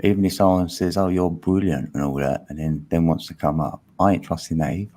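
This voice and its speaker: A man's voice: deep voice, fairly quick, a little mellow. A man hosting a live stream panel in casual, slangy chat, laughing often.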